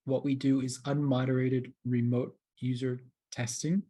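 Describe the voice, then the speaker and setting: A man's voice: medium pitch, little pitch movement, unhurried, dark tone. A man hosting a live webinar, talking straight to the audience in an upbeat way over a video call mic. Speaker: webinar host.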